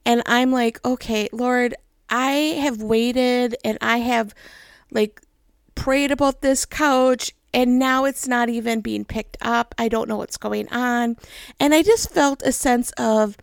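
A woman's voice: on the high side, takes it slowly, vocal fry, smooth, no echo, studio quality. A young adult woman telling a long personal story in a chatty way, laughing often and acting out what people said. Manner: chatty, laughing, animated quoted voices. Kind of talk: casual storytelling.

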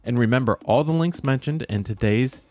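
A man's voice: medium pitch, brisk, a little mellow, dry recording, faint music behind. A man co-hosting a podcast, rambling wryly through sports betting picks and show plugs while losing his voice. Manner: rambling, wry, self-mocking. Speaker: podcast co-host. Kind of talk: casual sports betting chat.

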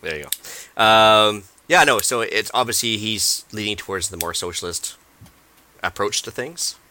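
A man's voice: on the low side, unhurried, pushed and bright. A man co-hosting a casual podcast, rambling and hunting for words with plenty of fillers. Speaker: podcast co-host.

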